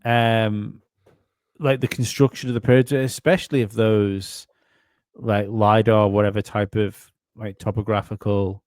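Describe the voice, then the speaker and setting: A man's voice: on the low side, flat delivery, measured pace, a little mellow, dry recording, studio quality. A man co-hosting a casual conspiracy podcast, rambling and swearing, often restarting his sentences. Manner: rambling, profane, many restarts. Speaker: podcast co-host.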